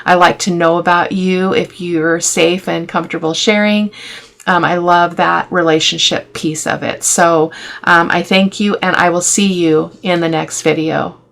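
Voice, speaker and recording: A woman's voice: fairly low pitch, steady tone, a little slow, creaky, a bit bright. A middle-aged woman hosting a casual craft tutorial, chatty and affectionate, thinking aloud with fillers as she works. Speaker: craft video host.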